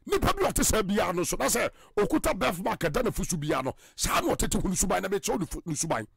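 A man with a Ghanaian accent preaching in an emphatic way that keeps rising to loud bursts. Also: high-pitched, very animated, fast talker, creaky, breathy edge, dry recording, clean studio sound. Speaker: evangelist. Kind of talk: preaching in Twi and English.

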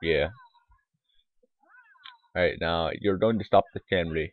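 A man's voice: low voice, steady tone, unhurried, long pauses, no echo, soft background music. A man giving casual, rambling let's-play commentary, mumbling asides with lots of fillers, on a tinny, lo-fi mic. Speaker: gaming YouTuber. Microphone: desktop microphone.

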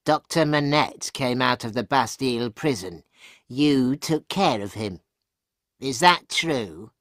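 A man doing a sly, slow-spoken spy. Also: mid-range voice, lively intonation, a bit bright, dry recording, studio quality. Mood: prying. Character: sly, probing English spy, adult man.

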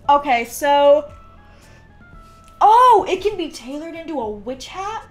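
A woman chatting casually as she streams a game, reacting out loud and talking to her chat. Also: sits high, sing-song, slow pace, soft background music.

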